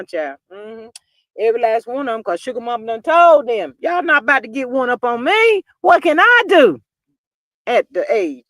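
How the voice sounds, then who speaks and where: Animated woman live-streaming, bright voice. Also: medium pitch, no echo, clean studio sound. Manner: animated and drawling, often says "child". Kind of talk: casual live-stream chat, reading comments.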